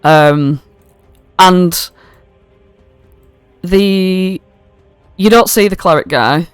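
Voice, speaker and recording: A woman narrates a tabletop game as game master in a loose, chatty way, swearing and stopping for fillers. Her voice is smooth and clear. The mic is close and dry. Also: fairly low pitch, drawn-out words, no echo, faint music behind. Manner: casual and swearing, with many fillers. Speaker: dungeon master.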